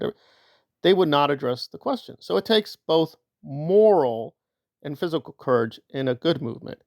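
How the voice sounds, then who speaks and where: Gravelly, argumentative online commentator. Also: mid-range voice, animated, normal speed, a little mellow, dry recording, clean studio sound. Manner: sarcastic, argumentative. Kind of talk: opinion commentary.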